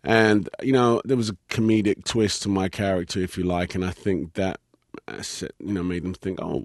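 A man's voice: deep voice, moderate pace, gravelly, dry recording, studio quality. A British man, an actor, chatting as an interview guest, laughing easily and telling stories with lots of fillers. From Britain. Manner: laughs easily, relaxed storytelling with many fillers. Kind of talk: casual interview chat.

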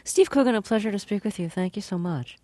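A woman's voice: mid-range voice, expressive, fast talker, warm tone, no room sound, clean studio sound. A woman interviewing a guest, asking plain and curious questions.

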